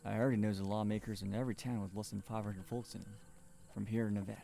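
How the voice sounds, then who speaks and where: A secretive cowboy townsman passing along rumors in a hushed drawl, played by a man in an amateur film. The voice sits low and gravelly with a dark, mellow tone and barely rises or falls. Faint film music plays underneath. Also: level tone, fast talker. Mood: hushed gossip.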